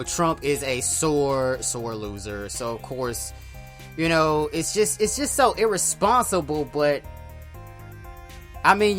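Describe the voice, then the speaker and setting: A man's voice: medium pitch, fairly bright tone. A man reading news stories aloud on his podcast, stumbling over words, then breaking into slangy, profane commentary. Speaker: podcast host.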